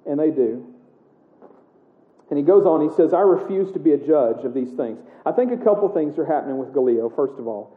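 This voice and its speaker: Guy giving a sermon, kinda high voice, gets animated acting out the bible bits, sounds tinny like a phone line. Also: moderate pace, pauses often. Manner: animated, acting out the quotes he reads. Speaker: pastor. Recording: echoey room heard over a tinny narrow line.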